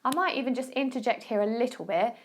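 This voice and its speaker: A woman's voice: a little high, fast. A woman with an Essex accent hosting a solo podcast, giving nutrition advice in a chatty, encouraging way and often checking in with the listener. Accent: Essex English. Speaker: podcast host and nutrition coach. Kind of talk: casual solo podcast talk.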